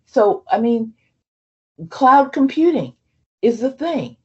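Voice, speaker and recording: A woman's voice: a little high, animated, takes it slowly, breathy edge, dull audio. A woman leading an onboarding presentation for a tech training program, talking conversationally with many fillers and restarts. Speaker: program leader addressing trainees.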